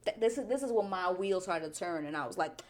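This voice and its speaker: Animated woman with a lively, low voice. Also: fast talker. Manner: animated, chatty, drops into quoted voices. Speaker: TV recap vlogger. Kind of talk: casual reality show recap.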